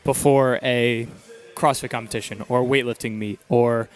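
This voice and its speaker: A man's voice: mid-range voice, fairly even intonation, normal speed, soft background music. An American man hosting a podcast, chatting casually and laughing easily with his guest. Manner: laid-back, laughs easily, affirming. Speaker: podcast host.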